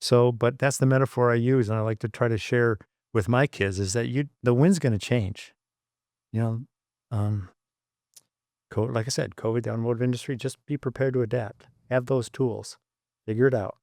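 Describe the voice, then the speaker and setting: Middle-aged guy from michigan telling stories on a podcast, lively, acts out what people said, dry close mic. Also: mid-range voice, normal speed, dry recording. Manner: animated storyteller, acts out quoted voices. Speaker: podcast guest, former engineer. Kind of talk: storytelling interview.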